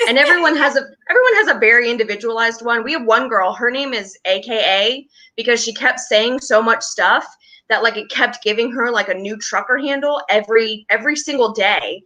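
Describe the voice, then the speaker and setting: Young woman from west virginia, bright voice, rambly casual chat with lots of restarts. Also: fairly high pitch, fairly quick, poor audio. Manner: rambling, restarts often, laughs between stories. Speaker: guest, member of a touring theater troupe.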